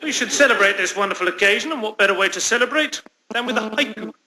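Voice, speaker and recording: An actor playing a pompous, sardonic newsreader in a radio news spoof. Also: male voice, high voice, quick pace, pushed and bright, slight background noise. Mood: smug. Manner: pompous, sardonic, self-satisfied delivery. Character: pompous, inattentive male news anchor Richard Richard.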